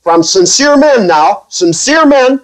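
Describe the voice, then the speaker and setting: A man preaching a sermon as pastor to his own congregation, speaking carefully, with restarts and wry, gently sarcastic asides. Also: very high voice, animated, takes it slowly, low-quality recording.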